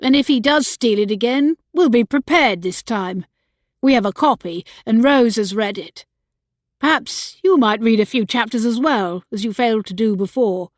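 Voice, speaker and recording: A woman reading an audiobook, putting on a troubled young brother full of resentment. He pushes his point hard and loudly, pitched a little high. The recording is dry and close. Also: normal speed, no echo, close to an everyday voice. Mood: insistent. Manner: insistent, raising his voice. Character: bitter agitated young man, troubled brother. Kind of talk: audiobook character voice.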